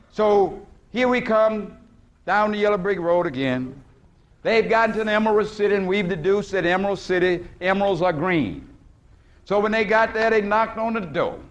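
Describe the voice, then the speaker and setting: A man's voice: sits high, fairly bright tone. A man giving a lecture to a live audience in a preacherly way. He asks questions and answers them himself, and stretches words for emphasis. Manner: retells film scenes with quoted voices, stretching words for emphasis. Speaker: guest lecturer. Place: lecture hall at a conference.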